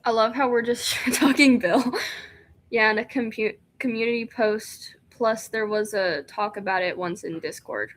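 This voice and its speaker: A young woman streaming a game, reading its text aloud and chatting excitedly, often laughing and rambling. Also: on the high side, moderate pace. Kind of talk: casual let's-play chat, reading game text aloud.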